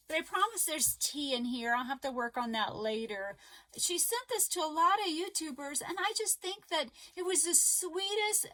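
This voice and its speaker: Casting note: middle-aged woman, home crochet vlogger, slow unhurried delivery, voice wearing thin, halting and teary. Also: sits high, pushed and bright. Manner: halting, emotional, many fillers and restarts. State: losing her voice. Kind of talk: casual chat to camera.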